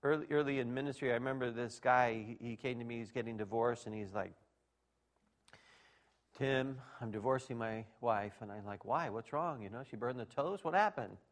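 A man's voice: mid-range voice, quick pace, hardly any pauses. A middle-aged man preaching a conversational sermon, acting out quoted dialogue and laughing at his own jokes.

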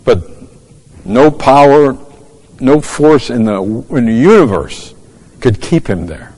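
A man's voice: medium pitch, lively intonation, slow, a little mellow. A man preaching a fervent sermon, repeating words as he goes and quoting scripture in old-fashioned English. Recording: long hall reverb.

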